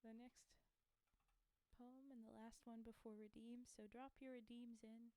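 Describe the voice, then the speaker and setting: A woman's voice: on the high side, flat delivery, unhurried, dark tone. A woman on a live stream reciting poems aloud through a desk mic, with chatty, self-deprecating asides to her viewers. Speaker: streamer reading poetry. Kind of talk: live-stream poetry reading with casual chat. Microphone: desk mic on a streaming setup.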